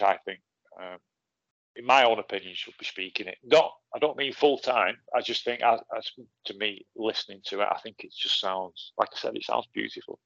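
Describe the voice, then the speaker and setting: A male podcast host with a low, gravelly voice, gushing and repeating mate to his guest. The sound is dry and close, a bit muffled and lo-fi. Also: fairly bright tone, dry recording. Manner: effusive, calls the guest mate constantly. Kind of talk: casual conversation.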